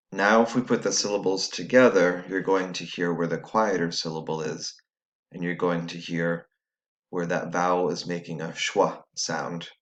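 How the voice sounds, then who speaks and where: Man, very deep voice, patient teacher, step-by-step phonics lesson, recorded for students at home.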